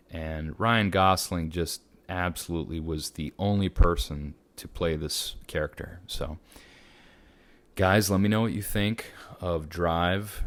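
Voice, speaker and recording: Low-voiced male film reviewer, casual and rambling, dry recording. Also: no room sound. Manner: rambling, many fillers and restarts.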